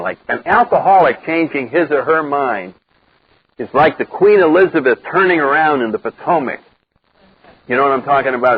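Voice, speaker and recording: An older man speaking to a live recovery group, blunt and wry, acting out the voices he quotes in a lively way. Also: a little high, husky. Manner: animated storyteller who acts out quoted voices, wry and blunt. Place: meeting room with a live group. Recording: dull lo-fi 1990s cassette recording.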